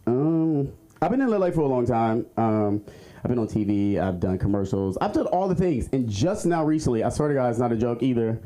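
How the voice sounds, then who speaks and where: A man performing an animated, jokey stand-up set at an open mic on a club stage, laughing through his lines. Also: medium pitch, brisk. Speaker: stand-up comedian. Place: comedy club stage with live audience. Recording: noisy crowd in a club. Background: audience laughter.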